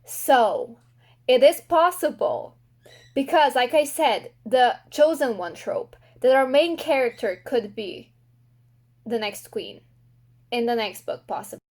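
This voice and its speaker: A woman's voice: a little high, expressive, slow, darkish tone. A young woman book vlogger reacting aloud while reading, emotional and exclaiming, talking to the characters.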